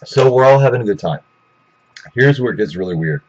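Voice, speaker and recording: A man's voice: medium pitch, expressive, brisk, a little mellow, dull audio. A man telling a rambling, profane story in a casual way, with lots of restarts.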